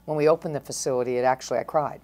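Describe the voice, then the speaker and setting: A middle-aged woman, a county probation chief, answering interview questions in an earnest, measured way with frequent restarts. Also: very deep voice, fairly even intonation, dark tone.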